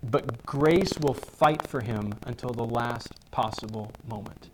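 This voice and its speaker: Pastor preaching with casual restarts. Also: male voice, medium pitch, a little slow, background noise. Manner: casual, rambling, with many restarts. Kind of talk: sermon.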